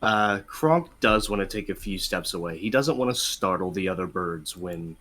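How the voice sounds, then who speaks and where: A man's voice: sits low, lively intonation, moderate pace, a bit bright, slight background noise. A man playing a tabletop game, chatting casually and laughing often. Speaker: player.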